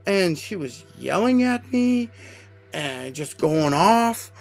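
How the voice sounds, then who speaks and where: A man hosting a live podcast, telling a personal story in an emotional, animated way with many fillers. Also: high voice, slow pace, creaky. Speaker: podcast host.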